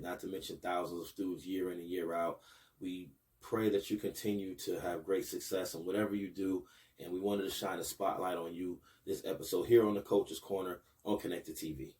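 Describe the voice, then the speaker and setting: A deep-voiced man in his thirties from Buffalo, New York, hosts a casual podcast as a basketball coach, speaking at normal speed on a distant mic. He hypes up his viewers, his excitement rising as he delivers promos.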